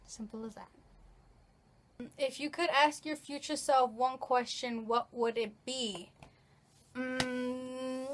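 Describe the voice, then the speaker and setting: Rambling teenage girl, slightly high voice. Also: steady tone, moderate pace, a bit bright. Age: late teens. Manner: rambling, full of fillers and restarts. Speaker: vlogger. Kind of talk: casual get-to-know-me Q&A.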